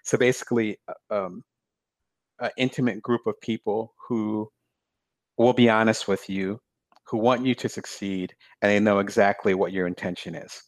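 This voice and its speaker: A man talking about his own experience as an author in a casual conversation, reflective and halting, with frequent fillers. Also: on the low side, fairly even intonation, no room sound. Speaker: author, guest.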